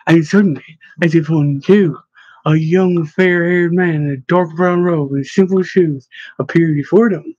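A man narrating a storybook in a steady, even reading voice. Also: on the high side, normal speed, no echo. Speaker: audiobook narrator. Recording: dull lo-fi dry recording.

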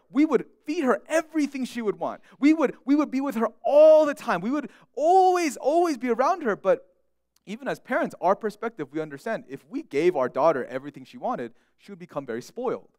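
A man's voice: sits high, darkish tone, no room sound, clean studio sound. A young man preaching a sermon as pastor, speaking earnestly and often repeating words as he restarts a thought.

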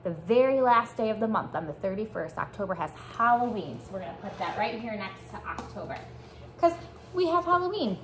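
A woman teaching young children a morning lesson, speaking slowly and encouraging them to repeat after her. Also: mid-range voice, big pitch swings, a bit bright, a little hiss or hum. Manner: slow, encouraging call-and-response teaching. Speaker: preschool teacher.

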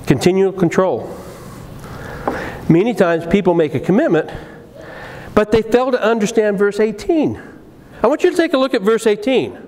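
A male pastor preaching a sermon in a church, telling stories in an animated, conversational way with many restarts. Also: on the high side. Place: church sanctuary. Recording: long reverb of a church hall.

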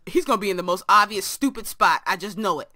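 A woman's voice: mid-range voice, lively intonation, quick pace, bright, forceful tone, no echo, studio quality. A young woman hosting a game let's play from her room, chatting to viewers and to the characters on screen. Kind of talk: casual game commentary.

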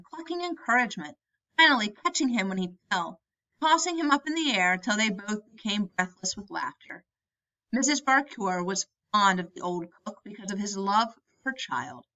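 A woman narrates a story in a measured, expressive reading. Her voice is bright and clear. The recording is dull and lo-fi. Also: medium pitch. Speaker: audiobook narrator. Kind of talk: audiobook reading.

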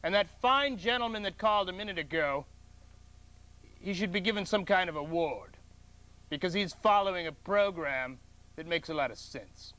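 A man hosting a mock call-in show in a deadpan, mock-earnest way. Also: sits high, normal speed. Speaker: host of a comedy call-in show.

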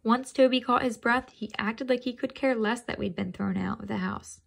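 A woman's voice: a little high, moderate pace, vocal fry. A woman reading a children's chapter book aloud in a casual way, stopping to think aloud and quiz her listeners.

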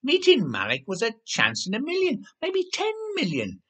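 A man's voice: very high-pitched, wildly swooping pitch, normal speed, pushed and bright, slightly rough, distant mic, pitched above the performer's own voice, full character voice. A man voicing a stuffy, pompous male writer in a storybook reading, with a blustering, self-important manner.

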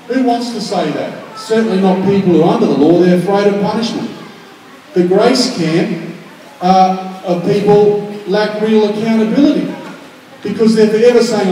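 A man preaching a sermon in a big, echoing church hall, picked up from a distance. His voice sits high for a man but sounds soft and mellow. He moves between hushed, personal moments and loud, pressing appeals. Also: moderate pace, slight background noise. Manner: conversational preaching, swings from quiet and intimate to loud and emphatic. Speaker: pastor. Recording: echoey hall, from far off.

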